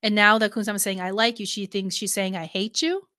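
A woman's voice: mid-range voice, steady tone, a little fast, bright, forceful tone, no echo, studio quality. A woman co-hosting a show recap, chatty and laughing often, with many fillers. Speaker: podcast co-host. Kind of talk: casual recap chat.

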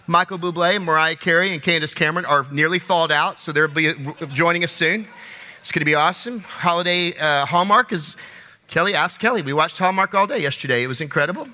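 Bright-voiced, jokey preaching man. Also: on the high side, fairly quick. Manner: jokey, conversational, animated storytelling. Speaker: pastor. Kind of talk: sermon. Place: large church sanctuary. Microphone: stage microphone. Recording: reverberant live church hall.

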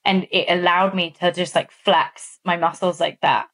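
A woman's voice: fairly low pitch, normal speed. Chatty woman podcast host telling stories. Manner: animated storytelling with many fillers. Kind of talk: casual chat.

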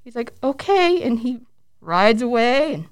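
Lively woman in her forties telling stories. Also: mid-range voice, moderate pace. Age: 40s. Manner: lively, animated storyteller who acts out quotes and laughs often. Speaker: guest. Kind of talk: casual storytelling interview.

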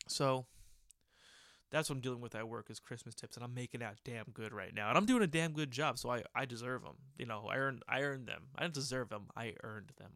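A man's voice: medium pitch, bright, forceful tone, no room sound, studio quality. Chatty cursing man in his thirties. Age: 30s. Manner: rambling, profane, self-correcting. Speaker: podcast host. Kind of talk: casual chat.

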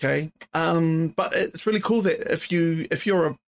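A man's voice: on the high side, normal speed. A tired man hosting his podcast alone, rambling casually with lots of fillers and swearing. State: tired, yawning late at night. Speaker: podcast host. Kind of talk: casual solo podcast chat.

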